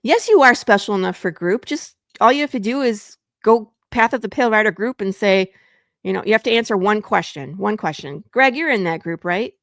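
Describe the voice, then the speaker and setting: A woman from Michigan hosting a casual talk show, chatty and quick to jump between topics. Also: medium pitch, animated, no echo, studio quality. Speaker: podcast host. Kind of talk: casual chat.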